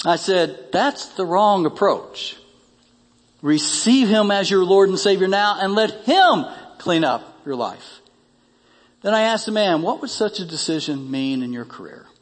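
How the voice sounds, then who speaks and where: A man's voice: sits high, very animated, a little slow, long reverb tail. A male pastor delivering a sermon, reading a story aloud and rising in emphasis on key lines.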